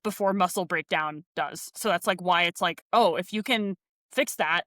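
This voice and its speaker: A woman's voice: lowish voice, moderate pace, sharp tone, no room sound, studio quality. A young woman co-hosting a coaching podcast, talking casually and playfully with lots of fillers. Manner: chatty, many "like" fillers, playful. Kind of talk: casual chat.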